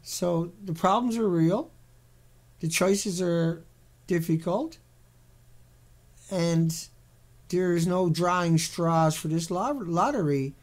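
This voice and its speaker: A man's voice: sits high, slow pace, pauses often. A man giving sarcastic, ranting commentary on a series of pictures, mocking and repetitive in his delivery. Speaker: video commentator.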